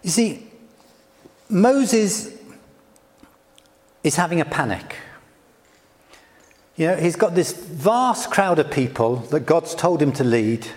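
A male preacher giving a gentle, conversational sermon, with frequent "you know" asides. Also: on the high side, lively intonation, takes it slowly, long pauses, long reverb tail.

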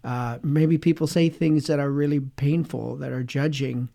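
This faith webcast co-host has a gravelly, dark, mid-range male voice with fairly even intonation and normal speed. He muses reflectively, meandering around his thoughts and filling gaps with frequent "you know"s.

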